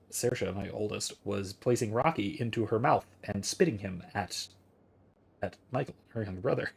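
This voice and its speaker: A man's voice: fairly low pitch, creaky, husky. A man in his thirties, a streamer talking through philosophy in a casual, rambling way as he thinks aloud and answers chat.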